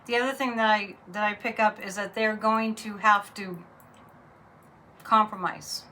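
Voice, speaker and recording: A woman's voice: medium pitch, steady tone, unhurried, a little hiss or hum, poor audio. Blunt chatty woman reading tarot. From Massachusetts. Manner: chatty, blunt, gets loud and incredulous. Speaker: psychic reader. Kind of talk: casual tarot reading monologue.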